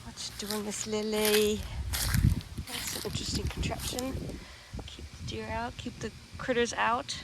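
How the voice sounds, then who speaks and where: A woman's voice: on the high side, flat delivery, measured pace, very noisy. A woman chatting casually as she films her cats and garden, cooing at them and sometimes talking under her breath. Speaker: vlogger. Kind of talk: casual vlog chat. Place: backyard outdoors, then indoors.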